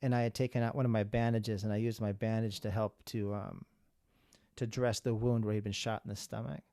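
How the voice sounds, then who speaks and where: A man's voice: lowish voice, flat delivery, a little fast, mellow, no room sound, clean studio sound. A middle-aged man from the United States, a guest telling a personal story in an earnest way, often repeating words for emphasis.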